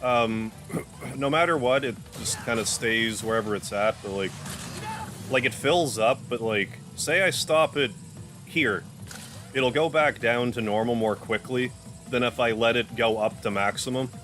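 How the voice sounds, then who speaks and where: A man hosting a gaming livestream, chatting loosely while playing and cooing softly at his cat. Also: medium pitch, a little slow. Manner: rambling, loose, full of "like"; softens to a coo when talking to his cat. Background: game music.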